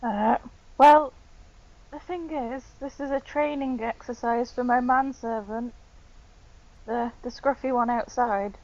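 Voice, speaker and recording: A woman's voice: a little high, fairly even intonation, slow pace, a little mellow, highs cut off. A woman playing a tabletop game, speaking in a haughty, imperious manner. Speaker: player. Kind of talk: in-character tabletop role-play.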